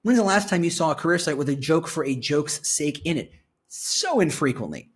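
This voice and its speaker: A man reviewing a company's career website on screen, reading its copy aloud and reacting with excited commentary. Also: on the high side, fairly quick, breathy edge. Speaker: employer branding commentator.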